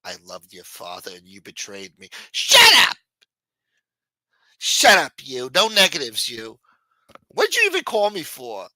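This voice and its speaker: A man voicing an indignant mob boss in a comedic phone skit, shouting and profane. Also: deep voice, completely flat delivery, brisk, hardly any pauses, husky, no echo, voice pushed down, full character voice, low-quality recording. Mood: outraged. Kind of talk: comedic prank-call skit.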